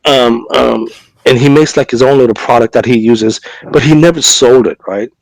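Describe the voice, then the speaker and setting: A man's voice: medium pitch, moderate pace, creaky, dry recording, rough recording. A man co-hosting a podcast, telling a long story in casual chat with lots of fillers and restarts, acting out both sides of a conversation. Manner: chatty, many fillers and repeated words. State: recovering from a cough and fever. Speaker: podcast co-host.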